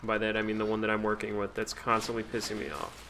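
A man's voice: on the low side, steady tone, quick pace, gravelly, sharp tone, a little hiss or hum. A man streaming a video game, talking casually, with sarcastic, profane grumbling at the game. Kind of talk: casual let's-play commentary.

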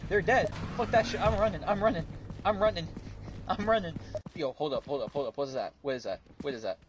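A man gaming with friends in voice chat, laughing, yelling and cursing. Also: fairly high pitch, a little fast. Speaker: gamer. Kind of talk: casual gaming banter.

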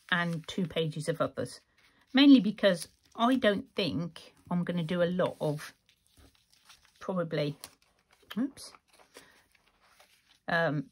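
A woman with a slightly low, husky voice talks her way through a craft project. She rambles in a friendly, chatty way and breaks into laughter often. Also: big pitch swings, a little slow, long pauses. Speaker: craft vlogger.

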